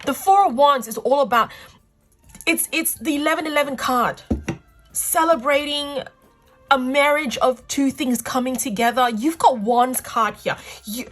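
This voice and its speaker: A woman's voice: sits high, unhurried, a bit bright. A woman giving a pick-a-card tarot reading, gushing and effusive, tearful with emotion as she talks to her viewers. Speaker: tarot reader.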